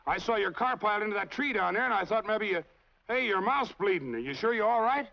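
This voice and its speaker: Friendly worried guy, high lively voice, gravelly edge, muffled old film sound. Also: quick pace. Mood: concerned. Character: friendly, concerned man searching for his friend.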